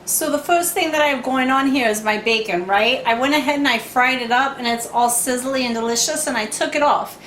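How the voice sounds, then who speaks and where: A woman's voice: sits high, brisk, few pauses, fairly bright tone, reverberant, a little hiss or hum. A woman doing a bubbly Harley Quinn. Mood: playful. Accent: put-on Harley Quinn Brooklyn-style accent.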